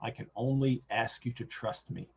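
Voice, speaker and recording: A man's voice: mid-range voice, fairly even intonation, normal speed, gravelly, a little mellow, husky. A man reading as a pleading asylum inmate. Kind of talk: reading a novel passage aloud. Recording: dull lo-fi video call audio.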